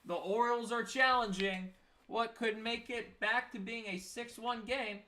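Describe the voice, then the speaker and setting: A man's voice: very high-pitched, steady tone, unhurried, pushed and bright, a little hiss or hum. A young man giving casual live baseball play-by-play, tired and yawning, with self-mocking asides between the calls. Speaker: play-by-play streamer.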